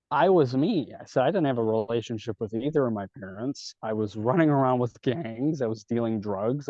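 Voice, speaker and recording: A mid-range, mellow male voice comes through dull, dry podcast audio. The man, a guest on the show, tells his story candidly and casually with plenty of swearing, acting out all sides of the exchanges.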